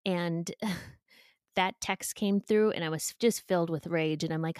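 A woman's voice: fairly low pitch, fairly even intonation, a little mellow, no echo. Brief: emotional, candid woman in her forties, interview guest, dry close sound. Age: 40s. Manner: emotional and candid, with pauses and restarts. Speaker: podcast guest.

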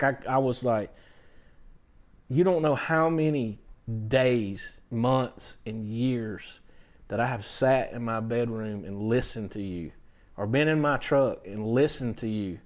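A middle-aged man, a songwriter telling stories in a casual interview and acting out the people he quotes. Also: on the low side. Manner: animated, acts out quotes in other voices. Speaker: guest songwriter.

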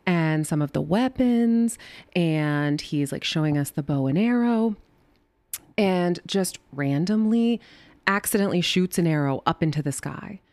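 A woman's voice: lowish voice, expressive, unhurried, darkish tone, no room sound. A woman, a guest, telling a chatty story on a podcast and laughing along the way. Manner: chatty, laughs through her stories. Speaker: guest, a co-host's wife.

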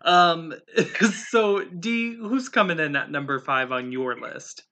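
A man's voice: fairly high pitch, slow pace, noisy background. A man hosting a casual podcast chat, laughing easily and handing the floor to each co-host. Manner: laughs easily, moves the show along.

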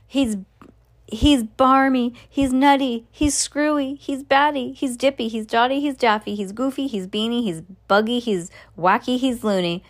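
Brief: scandalized parents yelling insults, high and loud , put on by a woman. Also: normal speed, hardly any pauses, lightly acted. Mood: aghast. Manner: shouting, scandalized. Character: aghast shouting group of parents.

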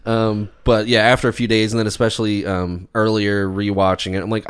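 Podcast co-host, male, lower voice, relaxed, chuckles between thoughts. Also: brisk, few pauses, smooth. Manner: relaxed, laughs often, loose reflective talk. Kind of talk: casual chat.

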